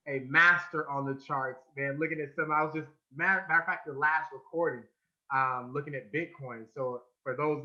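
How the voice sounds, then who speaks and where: Brief: male colleague, encouraging tribute, sharp voice, dull lo-fi line. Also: mid-range voice. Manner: encouraging, preacher-like repetition. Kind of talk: casual tribute speech.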